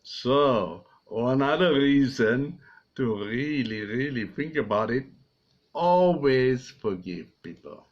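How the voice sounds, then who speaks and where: An older man telling Bible stories to young children in an animated way, acting out the characters. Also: medium pitch, takes it slowly, highs cut off. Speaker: storyteller for children.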